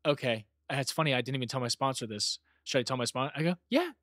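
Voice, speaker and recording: Laid-back guy joking around on a podcast, mid pitch, dry close sound. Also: fast, fairly bright tone, no room sound. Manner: easygoing, joking, acts out quotes. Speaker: podcast co-host. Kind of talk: casual chat.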